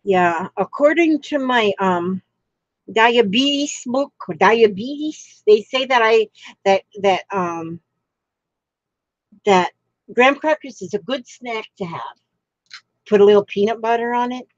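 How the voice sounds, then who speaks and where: A chatty woman talks slowly and rambles while she works on a craft project live. Her voice sits fairly high. The sound is dry and a little muffled, like a close mic in a small home room. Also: expressive, no echo. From Florida, United States. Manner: chatty, rambling, reads out viewer comments. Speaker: crafting livestream host. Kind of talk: casual chat while crafting.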